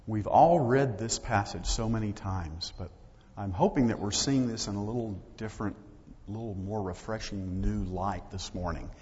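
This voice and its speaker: Low-voiced man preaching in a hall. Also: normal speed, a little mellow. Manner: conversational preaching with acted-out dialogue. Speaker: pastor. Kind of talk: sermon. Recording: dull lo-fi audio with long hall reverb.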